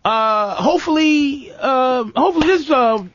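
High, lively man ranting on a talk show. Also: normal speed, crowd noise. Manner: animated, crude storytelling, mimics voices. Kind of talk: profane comedic radio rant. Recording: muffled lo-fi, dry.

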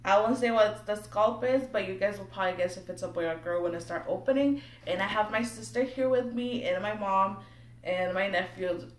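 A young woman chatting excitedly to camera while unboxing something at home, nervous and giggly. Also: medium pitch, normal speed. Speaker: vlogger. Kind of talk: casual unboxing chat to camera. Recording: echoey room, mic a bit distant, faint background noise.

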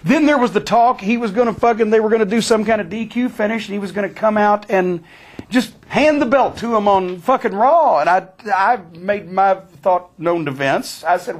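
High-voiced man telling a profane story. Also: moderate pace. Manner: profane, animated, sarcastic. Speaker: storyteller guest.

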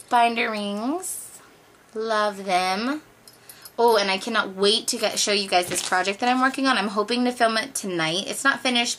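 A woman's voice: mid-range voice, bright, forceful tone, a little hiss or hum. Gushing, over-caffeinated woman vlogger. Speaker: craft vlogger. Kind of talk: excited unboxing chat.

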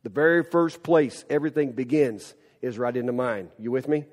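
A male pastor preaching a lively, conversational sermon and speaking directly to his congregation. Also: mid-range voice, moderate pace. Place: church sanctuary. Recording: reverberant church hall.

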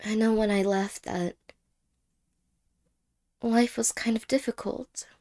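A woman voicing an apologetic young ex-girlfriend in a whispered role-play, speaking haltingly and softly and slipping into whispers. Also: fairly high pitch, steady tone. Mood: tender. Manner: halting, hesitant, soft-spoken with whispered words.

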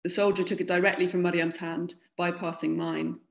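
A woman author from London, reading her own literary fiction aloud in a measured way. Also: lowish voice, flat delivery, vocal fry.

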